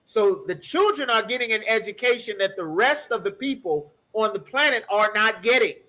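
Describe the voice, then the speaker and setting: Guy teaching a bible class, high voice, real forceful, keeps asking if you follow. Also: lively intonation, normal speed. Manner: emphatic, repeats phrases, checks in with listeners.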